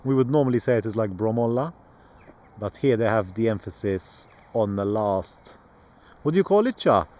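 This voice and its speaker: A man's voice: on the low side, expressive, a little fast, a little mellow. A man chatting casually in a travel vlog outdoors, playful and joking about his own pronunciation. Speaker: travel vlogger. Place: outdoors on a road trip.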